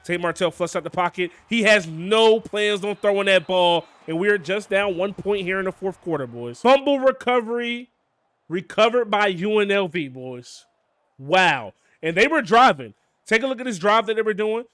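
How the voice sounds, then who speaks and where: A young man giving casual, excitable play-by-play commentary on his football video game, often calling out to "boys" and "man". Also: sits high, normal speed, smooth, no echo. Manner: excitable, hypes big plays, keeps saying "boys" and "man". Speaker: gaming YouTuber.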